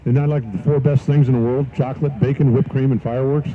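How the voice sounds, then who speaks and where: A man's voice: mid-range voice, fairly even intonation, fast talker. A man doing live commentary as announcer at a drag race, mixing race calls with folksy joking asides. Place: outdoor dragstrip. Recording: dull live-stream audio with loud track noise.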